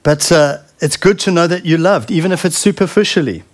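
A middle-aged man preaching a sermon in an earnest, heartfelt way, often pausing and repeating words. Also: fairly high pitch.

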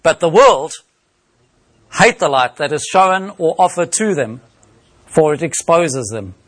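A man with a notably high-pitched voice delivers a sermon. He works through scripture in a measured, teaching manner, reading verses aloud and explaining them. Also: expressive. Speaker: preacher.

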